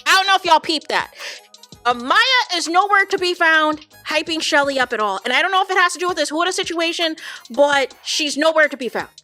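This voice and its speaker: A woman's voice: very high-pitched, fairly quick, faint music behind. A woman giving casual reaction commentary on reality TV, retelling scenes dramatically and talking straight to her viewers. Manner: animated, dramatic retelling, addresses viewers as y'all.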